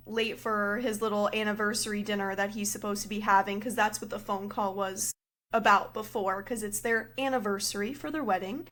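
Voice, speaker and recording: A woman's voice: fairly high pitch, fairly bright tone. A woman co-hosting a podcast, casually retelling a movie's plot with lots of "like"s. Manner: chatty, filler-heavy retelling with many "like"s. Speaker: podcast co-host. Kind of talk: casual movie recap chat.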